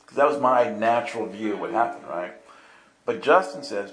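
A man's voice: medium pitch, fairly quick. A man preaching in a storytelling way, acting out the dialogue and laughing through the story, recorded in an echoey room. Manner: animated, acts out voices and laughs through the story. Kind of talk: storytelling sermon. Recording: echoey room with music underneath. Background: soft instrumental music.

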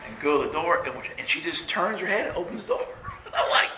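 A man telling a story in a casual, rambling way, often asking "right?" and jumping high when quoting himself. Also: big pitch swings, quick pace, noisy background. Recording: roomy echo.

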